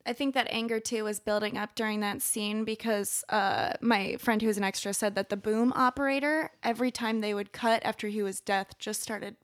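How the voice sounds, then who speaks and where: A woman co-hosting a comedic podcast, chatty with deadpan jokes. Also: mid-range voice, normal speed, hardly any pauses, dry recording, clean studio sound.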